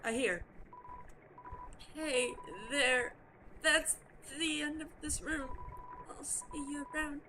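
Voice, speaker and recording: A woman voicing a friendly, lonely sea creature who talks in a soft, eager, sing-song way. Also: high voice, slow pace, pauses often, a little hiss or hum, voice pushed up, exaggerated voice, rough recording. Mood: cheery. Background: game music.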